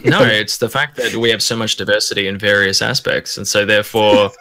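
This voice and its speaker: A man with a lowish voice and a bright, forceful edge, ranting through a casual panel discussion. He swears freely and keeps circling back over his own sentences. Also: fairly even intonation, a little fast. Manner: ranting, profane, repetitive restarts. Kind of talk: casual online panel chat.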